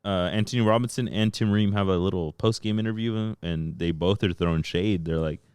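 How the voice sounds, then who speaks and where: A man co-hosting a podcast, chatting casually about soccer, animated and swearing freely. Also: brisk, clear, resonant tone, dry recording. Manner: animated, swears, mimics players in a high voice. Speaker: podcast co-host.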